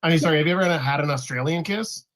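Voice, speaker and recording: A man from Canada telling lively anecdotes in a casual chat. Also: on the high side, rapid-fire, slight background noise. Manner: animated anecdote telling, laughs easily.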